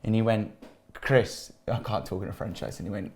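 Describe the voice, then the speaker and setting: A man's voice: mid-range voice, very animated, quick pace. A man, a celebrity guest chatting casually and telling stories with laughs. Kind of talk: casual chat.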